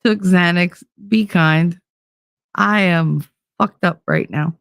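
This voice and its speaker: A sleepless, frazzled woman from New Jersey hosts a loose livestream, chatting with viewers and swearing freely. Her voice has a rough, gravelly edge. The sound is dry and close, with no room around it. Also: on the low side, slow, fairly bright tone, no room sound. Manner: rambling, profane, reads chat aloud. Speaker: livestream host. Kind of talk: casual livestream chat.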